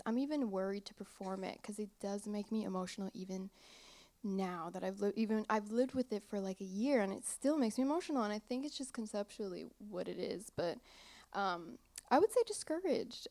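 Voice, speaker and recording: A woman's voice: mid-range voice, fairly quick, darkish tone. A young woman singer chatting casually in an on-stage interview in a small theater, giggly and rambling, losing her train of thought. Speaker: singer-songwriter guest.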